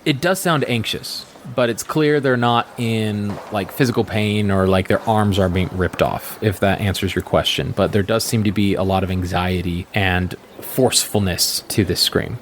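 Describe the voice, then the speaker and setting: A man narrating as game master of a tabletop role-playing podcast, relaxed and brisk. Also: fairly low pitch, a little hiss or hum.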